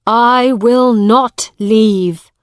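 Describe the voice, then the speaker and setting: A woman's voice: fairly high pitch, lively intonation, drawn-out words, darkish tone, dry recording, studio quality, voice pushed up. A woman reading the part of a grown man, a returned soldier who pleads emphatically in a raised voice. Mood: insistent.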